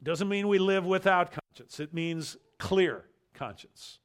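Emphatic preacher, a man. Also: high-pitched. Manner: emphatic, repeats key phrases, slows for stress. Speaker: pastor. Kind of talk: expository sermon.

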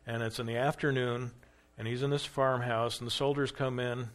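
A man's voice: medium pitch, level tone, normal speed. Guy teaching church history, talks casual, quizzes the class, acts out the quotes. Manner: conversational, acts out quoted dialogue with rising emphasis; asks questions of a class.

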